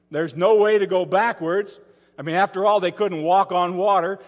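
A man with a high voice delivers a sermon from the pulpit of a church sanctuary. He retells the story dramatically and keeps putting rhetorical questions to the congregation. His voice carries a long hall reverb. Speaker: pastor.

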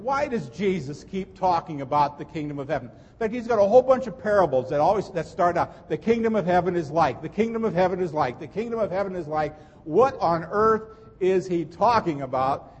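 Pastor, male, high husky voice, earnest emphatic sermon delivery, long church reverb. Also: a little mellow. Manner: earnest, emphatic preaching with repeated phrases. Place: church sanctuary.

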